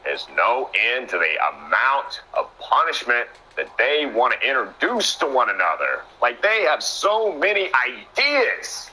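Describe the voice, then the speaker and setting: A young man doing excitable play-by-play commentary on a wrestling match, often breaking into sudden exclamations. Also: medium pitch, unhurried, few pauses, slightly rough, rough recording.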